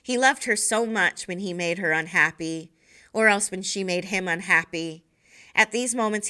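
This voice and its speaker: A teacher reads a novel aloud with a bright, sharp tone. Her voice is crisp and smooth, and she drags out important phrases for weight. The delivery is expressive but unhurried. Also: mid-range voice. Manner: slows down on key phrases. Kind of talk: expressive read-aloud narration.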